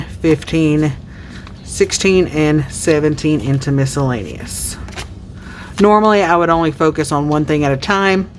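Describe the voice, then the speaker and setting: A woman's voice: low voice, slight background noise. A woman in her thirties from Tennessee with a Southern accent, chatting casually to viewers while counting cash for savings challenges. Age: 30s. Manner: chatty, counts money aloud. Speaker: budgeting YouTuber.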